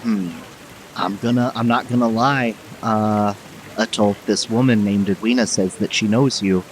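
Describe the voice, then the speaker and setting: Player, man, lowish voice, dry wry delivery, faint noise behind. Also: fairly even intonation, a little slow, low-quality recording. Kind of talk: playing a tabletop game.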